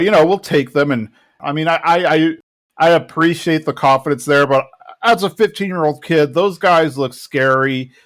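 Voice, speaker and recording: Man, podcast co-host, mid pitch, easygoing recap chat. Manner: relaxed, retelling scenes with quoted lines. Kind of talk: casual chat recapping a TV episode.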